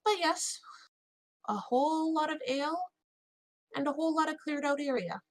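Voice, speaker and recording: A woman with a fairly high voice speaks in character at a tabletop game, pausing often with ums and small restarts. Her voice is close and dry, with no room sound. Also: no echo. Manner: hesitant, many fillers and restarts. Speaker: player. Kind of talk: in-character tabletop role-play.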